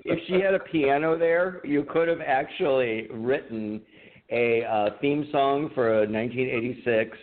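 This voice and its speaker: A man's voice: mid-range voice, a little slow. A man co-hosting a podcast in casual chat, joking around with a profane, laughing manner. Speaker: podcast co-host. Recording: tinny phone-like audio.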